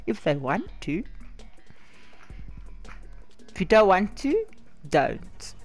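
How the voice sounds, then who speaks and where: A hoarse woman giggling, swearing and shrieking with excitement through her let's-play commentary, over faint game music. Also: mid-range voice, very slow. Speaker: gamer.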